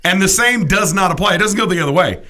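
A man's voice: high-pitched, animated, fast talker, sharp tone. A middle-aged man co-hosting a casual comedic chat, ranting with opinionated, mock-indignant energy. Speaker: podcast co-host.

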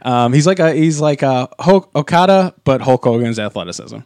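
A man talking casually on a podcast, circling back and restarting his sentences with plenty of fillers. His voice sits at an ordinary pitch for a man. The close mic gives a dry, dead sound. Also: expressive, moderate pace, a little mellow, dry recording. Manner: rambling, many fillers and restarts. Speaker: podcast co-host. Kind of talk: casual chat.

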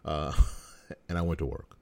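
A man's voice: rumbling low, fairly even intonation, measured pace, creaky, no room sound. A middle-aged American man giving a folksy, sarcastic opinion monologue as a talk show host.

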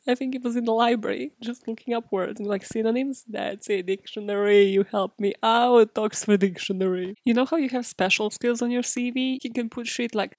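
A woman's voice: fairly high pitch, a little mellow, no echo. Chatty woman hosting a true-crime podcast. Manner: chatty, swears, laughs, talks to herself. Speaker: podcast host.

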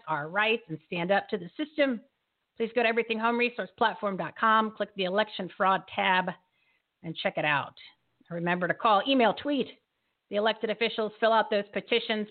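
A fiery, folksy woman hosts a live show over a video call. Her voice sits fairly high and comes through a thin, phone-like line. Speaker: host. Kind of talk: live talk show hosting. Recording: phone-like narrow audio.

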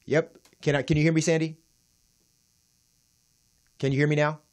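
A man's voice: a little high, little pitch movement, moderate pace. A man hosting an interview who reacts to his guest with short exclamations and guides the conversation. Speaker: interviewer host.

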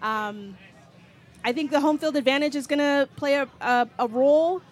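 A female guest reporter on an outdoor stadium pregame show talks casually at normal speed, her voice slightly high. She considers her answers as she goes and hedges on her predictions.

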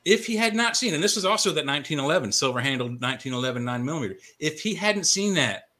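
A man's voice: a little high, expressive, fast talker, sharp tone. A man co-hosting a casual talk show, telling stories that build to a punchline.

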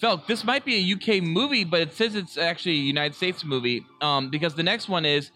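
A man co-hosting a podcast in casual chat, loose and quick to laugh and swear. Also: a little high, bright, forceful tone, faint music behind. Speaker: podcast co-host.

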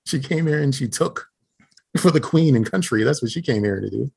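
A man's voice: medium pitch, animated, brisk, gravelly, a little mellow, slightly rough. A man co-hosting a casual podcast chat over a video call, making wry jokes. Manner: wry, joking commentary. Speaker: podcast co-host.

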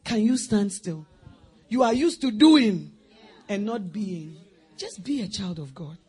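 A woman preaching a sermon, acting out scenes and swinging between loud outbursts and hushed whispers, often laughing as she speaks. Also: medium pitch, sing-song, a little slow, breathy edge.

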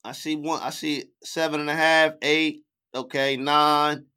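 A man with a bright, forceful, fairly high voice co-hosts a casual live stream. He reads the chat aloud, hands out scores, and stays animated and quick to laugh. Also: clear, resonant tone. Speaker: co-host rating tracks.

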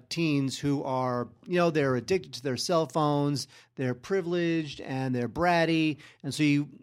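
Hesitant man critiquing a film. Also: medium pitch. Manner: hesitant, many ums and uhs. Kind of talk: casual podcast review chat.

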